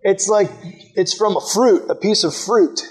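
A young American man telling a rambling, animated story to a room full of listeners, full of "like" fillers. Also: high-pitched, a little slow. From United States. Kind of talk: storytelling talk to a group. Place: room with a live audience.

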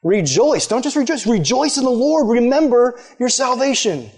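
High-voiced, animated male preacher. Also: normal speed. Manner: casual, animated, acts out voices of people he quotes. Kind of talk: sermon.

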